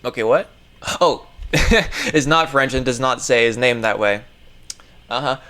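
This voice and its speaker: A man's voice: mid-range voice, a little slow, pushed and bright. A man casually reading an article aloud. He rambles, swears often and stumbles over words as he comments along the way.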